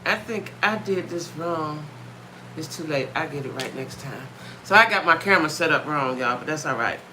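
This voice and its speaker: A chatty woman with a drawl, hosting a live stream from home on a phone or webcam. Her voice is very bright and forward, and she greets viewers by name and circles back over her own words. A faint hum of room noise sits under her. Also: deep voice, expressive, normal speed. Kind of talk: casual live-stream chat.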